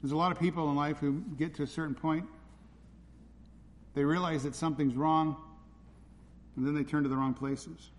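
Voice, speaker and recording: A man's voice: fairly high pitch, steady tone, moderate pace, pauses often. A man preaching a sermon in a church, urgent and pleading as he presses his listeners. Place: church hall. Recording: hall reverb with faint ambient noise.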